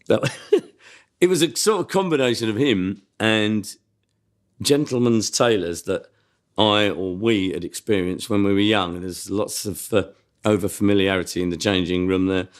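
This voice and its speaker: A comedy performer telling animated anecdotes in an interview, acting out the voices of people he describes. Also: lowish voice, unhurried. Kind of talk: reminiscing interview.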